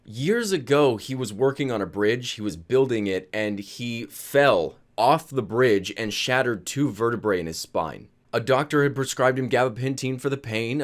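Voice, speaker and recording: A man's voice: mid-range voice, lively intonation, moderate pace. A man telling a funny personal story in a casual vlog, laughing as he goes. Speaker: vlogger.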